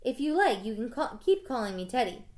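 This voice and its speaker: A woman's voice: fairly high pitch, sing-song, brisk, a little mellow. Cheerful storybook boy of ten, read by a woman. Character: friendly ten-year-old apprentice boy.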